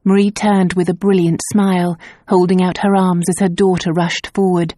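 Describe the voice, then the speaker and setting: A woman reading a novel aloud as an audiobook narrator, in a measured, even storytelling voice. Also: fairly low pitch, a little hiss or hum. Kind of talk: scripted narration.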